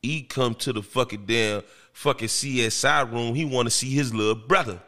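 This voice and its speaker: A man, a podcast host, telling a story in casual chat in an animated, profane and emphatic way. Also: medium pitch, normal speed. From Miami, Florida.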